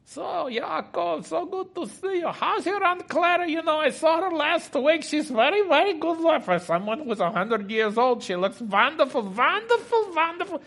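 Preacher doing a fussing old male host, sing-song and high, gushing over guests. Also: sing-song, normal speed, creaky, few pauses, a bit bright, heavily acted.

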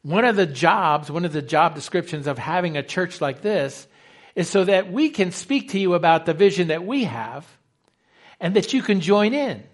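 Male pastor, slightly high voice, lively sermon delivery that acts out quotes. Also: moderate pace. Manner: animated preaching, acts out quoted dialogue.

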